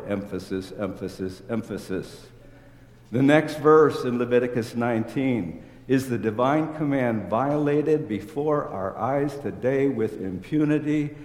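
A man preaching a sermon in a church, reading scripture aloud and then commenting on it with measured emphasis. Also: mid-range voice, lively intonation, a little mellow. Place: church sanctuary. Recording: echoey hall, long reverb.

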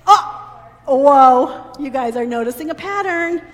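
A woman leading a children's sermon in a church sanctuary, talking in an animated, teacherly way and having the children repeat lines after her. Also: high voice, measured pace. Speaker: children's message leader. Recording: long reverb in a big church hall, faint ambient noise.

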